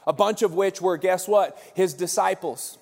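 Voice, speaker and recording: A pastor preaching to his congregation in a fairly high voice, animated and conversational. His words ring out with the long reverb of a big church hall. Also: normal speed, creaky. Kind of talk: sermon.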